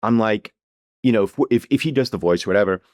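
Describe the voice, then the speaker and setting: A man's voice: fairly low pitch, fast talker, a little mellow, dry recording, clean studio sound. A middle-aged man co-hosting a podcast, telling a comic story in a mock-earnest way, full of stammering restarts. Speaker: podcast co-host. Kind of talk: comic storytelling in casual chat.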